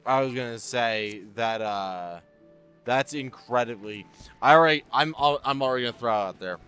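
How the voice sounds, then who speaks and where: A man streaming a game live, chatting excitedly and casually with viewers, swearing now and then. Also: medium pitch, moderate pace, clean tone, soft background music. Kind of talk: casual gaming livestream chat.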